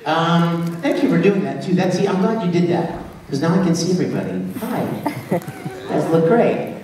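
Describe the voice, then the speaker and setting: A man speaking on a convention panel, telling lively stories to fans and laughing often. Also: fairly high pitch, moderate pace. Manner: animated storyteller, laughing often. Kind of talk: live convention panel talk. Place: large convention hall. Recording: far-off echoey hall recording, faint crowd noise.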